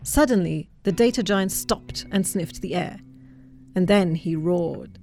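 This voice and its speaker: A woman narrating a storybook tale in a steady, lightly wry way. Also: lowish voice, a little slow, no room sound, soft background music.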